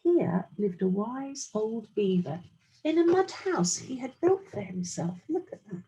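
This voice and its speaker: A woman teacher reading a picture book aloud to young children, slow and expressive, with friendly asides. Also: on the high side, slight background noise, rough recording. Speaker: early years teacher.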